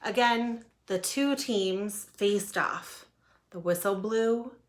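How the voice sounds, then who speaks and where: Woman reading a kids picture book out loud, slow and expressive, mid pitch. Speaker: storyteller. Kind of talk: children's storybook read-aloud.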